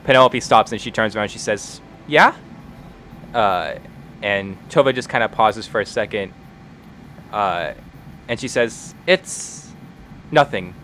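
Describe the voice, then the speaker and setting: A man's voice: lowish voice, normal speed, bright, forceful tone, a little hiss or hum. A man narrating as game master in a casual way, with many "uh"s and "kinda"s. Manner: casual, filler-heavy narration.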